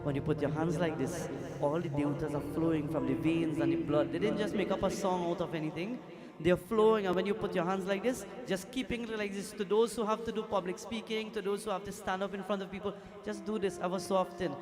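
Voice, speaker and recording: High-voiced pundit preaching. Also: male voice, steady tone, fast, a crowd in the background. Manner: storytelling, acts out quoted voices, breaks into devotional song. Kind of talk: Hindu temple sermon. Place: temple hall during a festival night.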